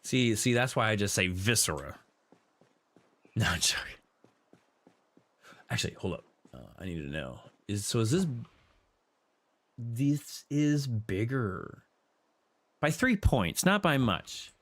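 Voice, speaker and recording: A man in the middle of a multiplayer gaming session, talking casually with his friends. His tone is playful and teasing, with lots of repeated words and restarts. Every so often his voice jumps into high, squeaky exclamations. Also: sing-song, moderate pace, long pauses, a bit bright. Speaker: gaming streamer. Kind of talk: casual multiplayer gameplay chat.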